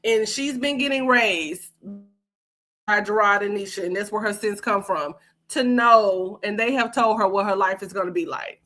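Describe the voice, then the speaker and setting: A woman's voice: mid-range voice, normal speed, fairly bright tone. A woman hosting a livestream podcast, giving blunt, sassy commentary that is full of profanity. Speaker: podcast host.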